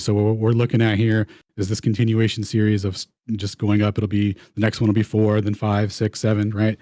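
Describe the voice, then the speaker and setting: A man hosts a round table, talking loosely over his slides and often restarting phrases. His voice is mellow and relaxed, and the recording is dry and close. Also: fairly low pitch, dry recording. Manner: rambling, slangy, restarts mid-phrase. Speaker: host. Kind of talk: casual presenting over slides.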